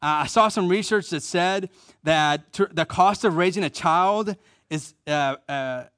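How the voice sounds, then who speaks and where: A middle-aged man preaching a conversational sermon, repeating key phrases for emphasis and joking at his own expense, going soft and low for tender points. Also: unhurried, no room sound, studio quality. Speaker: pastor.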